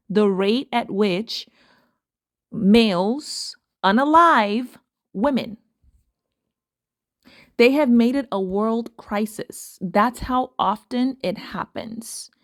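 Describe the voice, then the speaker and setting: A woman with a fairly high voice gives casual commentary straight to her viewers. She is emphatic and keeps repeating words to drive them home. The sound is close and dry. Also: no room sound. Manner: emphatic, repeats phrases for stress. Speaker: commentary host.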